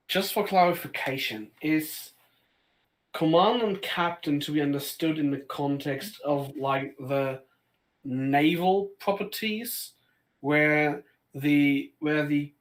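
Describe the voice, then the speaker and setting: A man's voice: fairly high pitch, rough recording. A man playing a tabletop game, asking a careful clarifying question. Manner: careful, inquisitive. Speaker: player.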